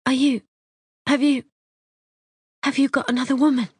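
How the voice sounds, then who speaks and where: A woman voicing a shrill woman in her thirties, explosive and accusing, in audiobook dialogue. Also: big pitch swings, fast, no room sound, clean studio sound. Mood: feigned alarm. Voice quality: shrill, high-pitched. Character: woman in her 30s, shrill, feigning shock and outrage.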